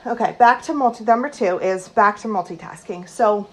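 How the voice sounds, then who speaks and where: A woman hosting her own podcast, talking casually from her home kitchen, with lots of likes and quick self-corrections. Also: medium pitch, rough recording. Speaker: podcast host and social worker.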